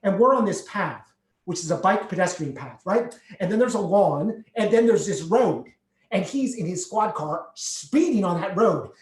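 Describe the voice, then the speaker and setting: A man performing a comic autobiographical monologue on a theatre stage, animated and exclamatory. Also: sits high, normal speed. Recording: echoey theatre, distant mic.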